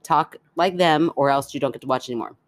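A woman in her thirties with a low voice, chatting on a podcast. She tells stories in a lively, animated way and laughs often. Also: fast talker. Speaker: podcast co-host. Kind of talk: casual chat.

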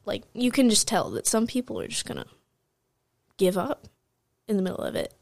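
A woman's voice: medium pitch, gravelly, dry recording. A teenage girl co-hosting a podcast, talking in a chatty, rambling way with lots of "like" and "um". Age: teens. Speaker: podcast co-host, high school student. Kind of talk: casual chat.

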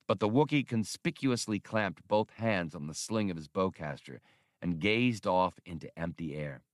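Low-voiced male audiobook narrator. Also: fairly bright tone, no room sound, clean studio sound.

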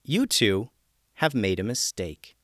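Firm ninja leader, put on by a narrator, measured, storybook. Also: male voice, fairly low pitch, very animated, dry recording, clean studio sound. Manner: measured, commanding. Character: calm, firm ninja leader, grown man. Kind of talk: storybook character voice.

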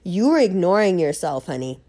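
A woman's voice: on the low side, moderate pace. A woman with a New York accent giving blunt, profane life advice in a monologue, acting out bits of dialogue. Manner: brash, profane, animated, acts out dialogue.

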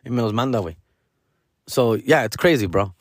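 A man's voice: medium pitch, expressive, a little fast, no echo, studio quality. A man in his forties hosting his own podcast, rambling casually in a slangy, profane way and peppering his speech with "fool" and "dog". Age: 40s. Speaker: podcast host. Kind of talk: casual monologue.

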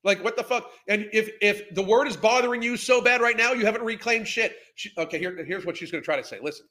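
Male podcast host, high bright voice, profane incredulous rant. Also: quick pace. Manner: profane, exasperated, incredulous ranting. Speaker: podcast host reacting to clips. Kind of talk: ranting commentary.

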